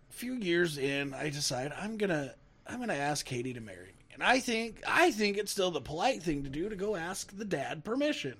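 Lively high-voiced man telling stories. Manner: animated, laughing, swearing storyteller. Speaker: podcast co-host. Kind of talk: casual storytelling chat.

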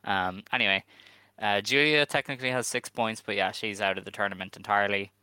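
A man co-hosting a casual podcast, reading out standings in a measured, dry way. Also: fairly low pitch, steady tone, pushed and bright, clean tone, no echo. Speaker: podcast co-host.

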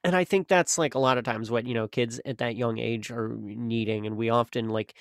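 A man's voice: mid-range voice, steady tone, a little fast, clear, resonant tone, no echo, studio quality. A young man co-hosting a podcast, talking in a rambling, casual way with lots of fillers and restarts. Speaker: podcast co-host. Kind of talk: casual conversational chat.

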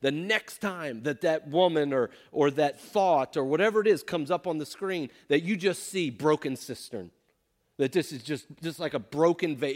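A man teaching scripture to a group, emphatic, often asking them questions. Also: fairly high pitch. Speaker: pastor or Bible teacher. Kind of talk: interactive Bible teaching.

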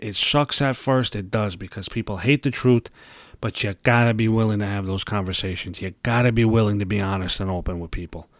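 A man's voice: on the low side, no echo. A young man hosting his own podcast, venting in a casual, heated, profanity-laden rant. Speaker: podcast host.

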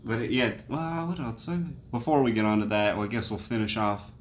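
A man's voice: on the low side, lively intonation, brisk, reverberant, slight background noise. A man co-hosting a combat sports podcast, talking casually and laughing often as he rambles through his stories. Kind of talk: casual chat.

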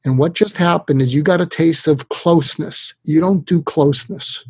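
Male psychiatrist guest, husky and a touch high, lively storyteller who mimics the people he quotes; dry close sound. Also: normal speed, few pauses, dry recording. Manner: acts out quoted voices with big pitch jumps. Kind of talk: animated storytelling in conversation.

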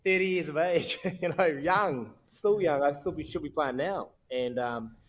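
A man's voice: a little high, measured pace. A man in his thirties with a New Zealand accent, a podcast guest telling candid, self-mocking stories in laddish slang. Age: 30s. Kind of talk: casual storytelling chat.

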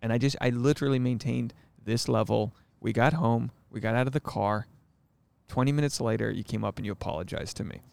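A man's voice: medium pitch, fairly quick, gravelly, a little mellow, clear, resonant tone, no room sound. A man in his thirties co-hosting a casual couple's podcast, joking around and defending himself with frequent laughs. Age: 30s. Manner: jokey, defensive, laughs often. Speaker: podcast co-host.

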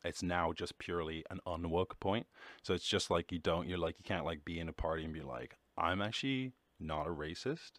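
A man's voice: deep voice, fairly even intonation, fairly bright tone, no echo. A young Irish man hosting a podcast alone, chatting casually in a rambling, sweary, self-mocking way. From Ireland. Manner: rambling, swearing, self-mocking, quick shifts into mock voices. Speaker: podcast host. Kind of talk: casual solo chat.

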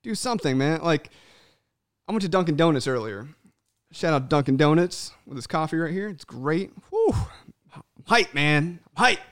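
Animated man hosting a podcast. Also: fairly high pitch, normal speed, dry recording, studio quality. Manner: animated, swearing, says "man" often; acts out voices of people in his stories. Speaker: podcast co-host. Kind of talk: casual podcast chat.

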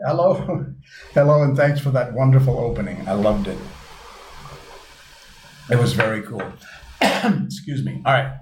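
A man hosting a casual live stream, chatting in a rambling, self-deprecating way, with a little reverb added to his voice. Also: medium pitch. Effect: light added reverb. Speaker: livestream host. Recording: echoey room, faint hum.

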